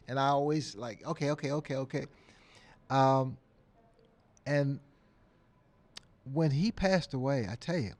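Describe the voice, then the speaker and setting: A man in his sixties, a guest in a casual interview, telling stories with lively acted-out quotes and frequent laughs. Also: mid-range voice. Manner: animated storyteller, acts out quotes, laughs often.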